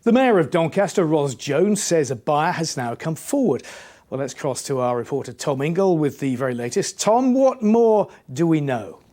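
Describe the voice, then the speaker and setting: A man presenting a regional evening news programme, reading headlines in a measured, formal way. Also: a little high, lively intonation, dark tone.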